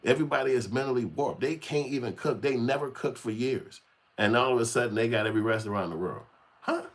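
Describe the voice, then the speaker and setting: A man's voice: mid-range voice, fast talker. Man, channel host, unscripted rant, profane, heated, blunt. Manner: acts out voices of others.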